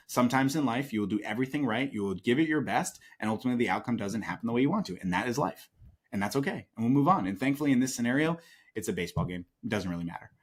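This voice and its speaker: A man's voice: mid-range voice, animated, rapid-fire, breathy edge. A man speaking as a guest and sales coach in an interview, emphatic, often asking "right?". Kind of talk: conversational interview.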